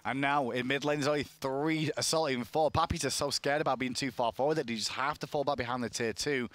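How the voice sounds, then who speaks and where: A man's voice: mid-range voice, steady tone, fairly bright tone. A man giving analytical commentary on a live esports match. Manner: analytical, measured. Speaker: esports caster.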